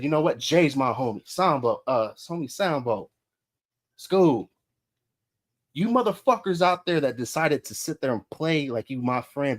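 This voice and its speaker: A man hosts a livestream show at an ordinary mid pitch, swearing freely as he rants. He is blunt and confrontational and circles back to repeat himself for emphasis. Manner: profane and confrontational. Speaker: podcast host. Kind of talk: heated livestream rant. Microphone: streaming mic.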